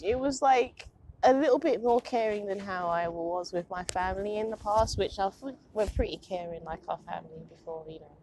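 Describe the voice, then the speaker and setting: A young woman rambles through a casual confessional vlog, often breaking into laughter at herself. Her voice sits at an everyday middle pitch, recorded on a basic camera with a faint hiss underneath. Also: mellow. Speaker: vlogger. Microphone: phone or low-end camera.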